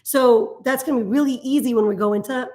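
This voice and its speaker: A woman's voice: high-pitched, fast talker, darkish tone. Chatty woman hosting a live stream. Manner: chatty, laughs easily, restarts when explaining. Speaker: host. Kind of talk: casual live-stream teaching.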